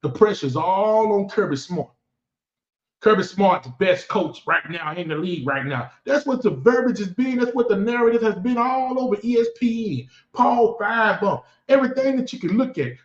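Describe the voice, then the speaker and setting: A man giving boastful, taunting football commentary as a fan vlogger. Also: sits high. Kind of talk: trash-talking football commentary. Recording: echoey room, dull lo-fi sound.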